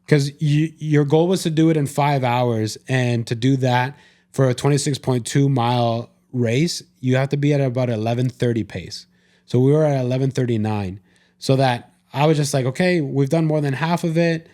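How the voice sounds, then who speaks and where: On a podcast he co-hosts, a man casually retells something that happened to him, restarting his sentences often and quoting a lot of what he said to himself. His voice is medium in pitch and dark in tone, with a steady delivery at a moderate pace, in casual conversation.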